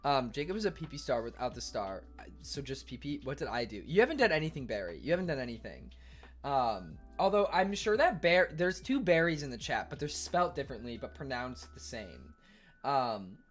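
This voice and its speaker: A man streaming live and chatting casually with his viewers, sarcastic and swearing, bursting into loud exasperation. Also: mid-range voice. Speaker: Twitch streamer reading chat. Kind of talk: casual livestream chat with viewers.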